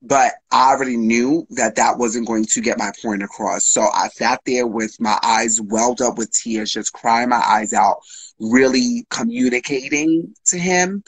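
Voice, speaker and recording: A man's voice: medium pitch, slightly rough, low-quality recording. A man guest telling an open, emotional personal story on a live stream, frank and casual with swearing.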